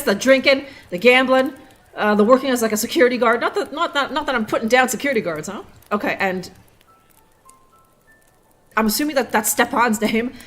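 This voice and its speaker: A woman's voice: fairly high pitch, fairly bright tone. Chatty, laughing woman game streamer. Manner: rambling, laughing, swearing, stumbling over German words. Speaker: streamer playing a detective game. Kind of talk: casual live gameplay commentary.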